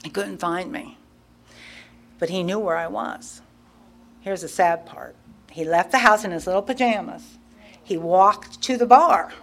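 A woman's voice: on the low side, measured pace, long pauses. A middle-aged woman candidly telling her own recovery story, acting out her past self in quoted asides. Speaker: guest speaker sharing recovery story. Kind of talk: personal storytelling at a recovery meeting.

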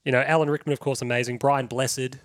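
A man's voice: mid-range voice, level tone, fast, no room sound, studio quality. A man hosting a podcast, chatting casually and enthusiastically about old films, swearing freely. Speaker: podcast host. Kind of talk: casual chat.

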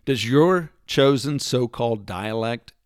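This male commentator from the United States takes his time, his medium-pitched voice carrying a sarcastic, emphatic opinion piece full of rhetorical questions. He does accents for the lines he quotes. It's a dry, clean studio recording.

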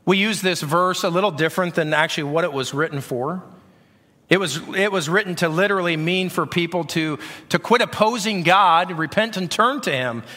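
A middle-aged male pastor preaching in a loose, conversational way, doubling back on his words. His voice sits a little high and sounds bright. The sound rings with the long reverb of a church hall. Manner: conversational, often repeating words. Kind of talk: sermon. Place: church sanctuary.

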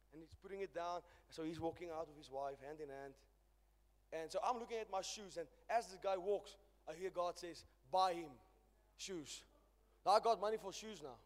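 A man with a South African accent preaching a sermon, telling a story with emphatic swings between loud and soft. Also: sits high. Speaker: pastor. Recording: long church reverb.

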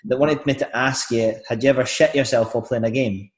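A man hosting a casual podcast interview, asking relaxed, teasing questions. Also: medium pitch, fairly quick, roomy sound. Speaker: podcast host.

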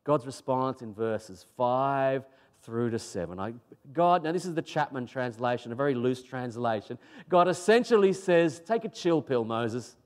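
A man's voice: mid-range voice, expressive, normal speed, darkish tone, clean tone. Man preaching in a colloquial style. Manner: colloquial, emphatic preaching with repeated phrases. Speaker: pastor. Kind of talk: sermon.

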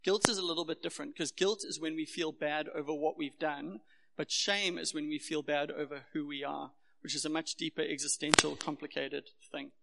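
Gravelly South African man preaching. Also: fairly high pitch, steady tone, moderate pace, background noise. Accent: South African, Durban. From Durban, South Africa. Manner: earnest, personal, conversational preaching. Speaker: pastor. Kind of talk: sermon. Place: church hall. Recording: echoey hall.

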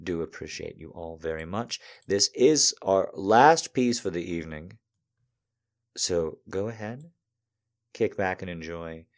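A man reading a romantic story aloud to an audience in a calm, measured way with soft pauses. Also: low-pitched.

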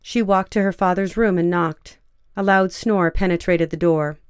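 A woman narrating a fiction story in a measured, even storytelling way. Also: on the low side, smooth, no echo, clean studio sound.

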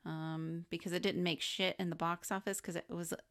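A woman co-hosting a casual movie podcast, relaxed and laughing often, going through her notes. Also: fairly low pitch, fairly quick. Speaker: podcast co-host. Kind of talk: casual movie-review chat.

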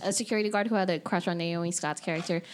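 A woman's voice: on the low side, fairly even intonation, rapid-fire, slight background noise. A woman in a casual chat about a movie, chatty and full of "like", acting out quoted lines. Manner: chatty, lots of "like", acts out quotes. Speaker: co-host reviewing a movie.

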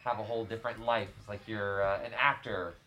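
Woman w a super low voice, hosting a podcast chat w kids, keeps asking short encouraging questions. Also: fairly even intonation, brisk, sharp tone, a little hiss or hum. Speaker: podcast host and leader of a youth group.

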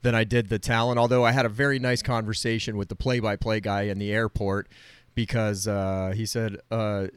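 A man's voice: fairly low pitch, level tone, normal speed, clear, resonant tone, no room sound. A man co-hosting a podcast over a video call, bantering in a dry, teasing way. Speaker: podcast co-host.

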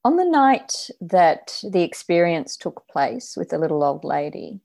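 Woman interviewer, low gravelly voice, gentle probing questions. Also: very animated, a little slow.

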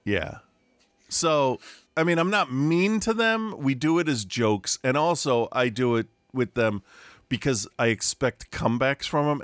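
In a dry recording, a medium-pitched middle-aged man co-hosts a podcast from a room at home. He chats casually and tells rambling stories, restarting often and laughing along the way.

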